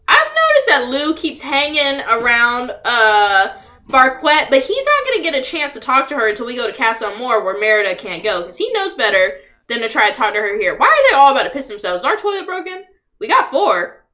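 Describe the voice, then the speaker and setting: A woman's voice: high voice, pushed and bright. A young woman giving casual, profane live commentary on a life-sim game and talking back at the characters. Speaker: livestreamer.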